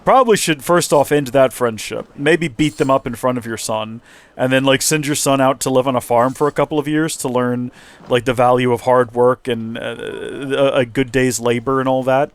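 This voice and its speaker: A man's voice: medium pitch, normal speed. A man hosting a let's play, joking and rambling over the game. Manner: jokey, rambling, excitable. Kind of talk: casual gameplay commentary.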